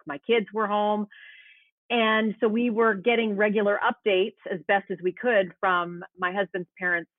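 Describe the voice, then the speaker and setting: A woman's voice: mid-range voice, no room sound. A woman guest in an interview, earnestly recounting a painful personal story. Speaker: guest, meteorologist. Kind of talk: remote interview, personal account. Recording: tinny phone-line sound.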